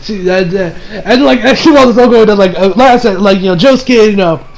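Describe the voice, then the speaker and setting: A man with a high voice gives a casual recap of an anime episode. He rambles loosely and stacks filler words between his thoughts. His delivery is relaxed and conversational. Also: a little fast, vocal fry, faint music behind, low-quality recording. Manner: rambling, full of "like" and "you know" fillers. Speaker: anime reviewer.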